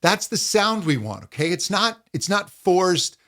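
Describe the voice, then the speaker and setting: A man as a vocal coach giving a singing lesson in a calm, deliberate, encouraging way. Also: high-pitched.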